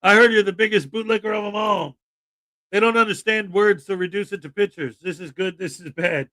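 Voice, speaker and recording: A man's voice: high voice, brisk, pushed and bright, no room sound. A man hosting a casual live stream, joking sarcastically and chuckling as he comments. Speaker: streamer host.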